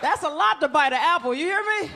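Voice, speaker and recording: Brash female stand-up comic, high voice, live club mic with laughing crowd and noise. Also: expressive, fast, vocal fry. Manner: brash, playful, acts out little scenes. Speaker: stand-up comedian. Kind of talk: stand-up comedy set. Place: comedy club stage in front of a live audience.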